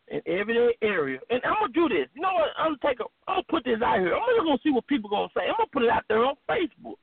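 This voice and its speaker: A man talking on a phone-in show, animated and rambling, with lots of emphasis. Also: very high voice. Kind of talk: casual phone-in chat. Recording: tinny phone line.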